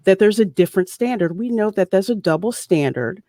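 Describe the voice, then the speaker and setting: A woman's voice: mid-range voice, brisk, hardly any pauses, a little mellow, no echo, clean studio sound. A woman panelist giving emphatic, exasperated commentary in a casual online roundtable.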